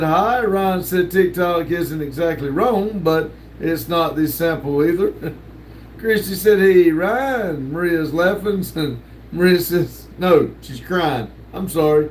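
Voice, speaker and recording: His voice sitting high, an older man hosts a casual livestream, drawling and laughing a lot as he reads chat messages aloud. He's in a home room with a wall of stickers, and there's slight background noise.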